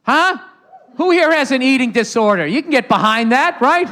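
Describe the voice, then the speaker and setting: On stage at a live podcast taping, a comedian host riffs sarcastically and profanely with the crowd, which can be faintly heard. His voice is extremely high-pitched, animated and bright, with a forceful tone at a moderate pace.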